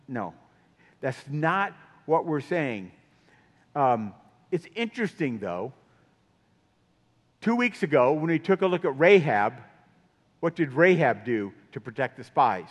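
A man's voice: on the high side, sing-song, measured pace, long pauses. A man preaching a sermon in a casual, conversational way, asking his listeners many questions. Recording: long hall reverb.

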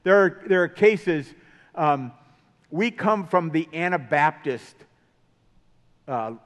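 A man's voice: a little high, animated, slow, fairly bright tone. A man preaching a sermon in a casual, conversational way, asking his listeners many questions. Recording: long hall reverb.

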